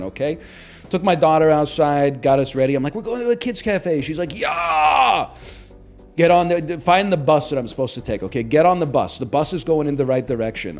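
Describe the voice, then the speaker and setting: A man's voice: medium pitch, a little mellow. A man in his thirties telling a rambling, profane, self-deprecating story in casual stream chat. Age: 30s.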